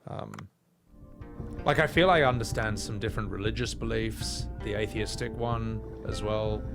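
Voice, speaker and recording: Talk to chat casually as a male streamer, rambling and gravelly, over game music. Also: fairly low pitch, moderate pace. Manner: rambling, swearing, chatty.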